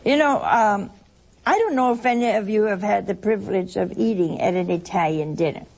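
A woman's voice: medium pitch, a little fast, vocal fry, a little mellow, rough recording. A woman giving a chatty spiritual talk to listeners, full of anecdotes and chuckling asides. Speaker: religious speaker.

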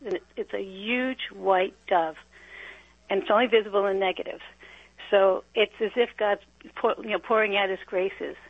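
A woman's voice: medium pitch, fairly even intonation, normal speed, slightly rough, no room sound. A woman calling in to a radio talk show, telling a story in an earnest, rambling way. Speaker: radio caller. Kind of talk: phone-in call on a talk show. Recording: muffled phone line.

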